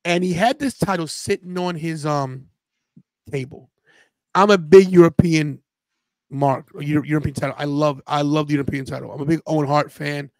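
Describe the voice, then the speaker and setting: A man hosting a wrestling watch-party podcast, telling stories in a loose, slangy, animated way. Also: on the high side, moderate pace, dry recording. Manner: animated storyteller, quotes friends in a loose slangy way. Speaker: podcast host. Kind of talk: casual watch-party chat.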